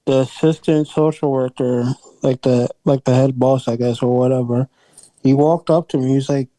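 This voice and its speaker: A man's voice: medium pitch, fairly even intonation, normal speed, dark tone, no echo, poor audio. A man in casual podcast chat, talking in a laid-back, plain-spoken way. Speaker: podcast co-host.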